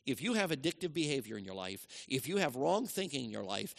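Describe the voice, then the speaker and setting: A middle-aged man preaching a sermon, swinging between loud emphatic lines and hushed, quieter asides. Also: mid-range voice, sing-song, moderate pace, creaky, few pauses.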